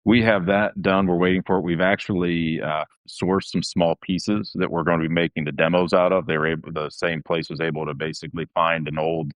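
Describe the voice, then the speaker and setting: A man's voice: deep voice, level tone, brisk, few pauses, dry recording, dull audio. A man, a gun maker guest on a podcast, explaining things in a plain, matter-of-fact way. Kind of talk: podcast interview.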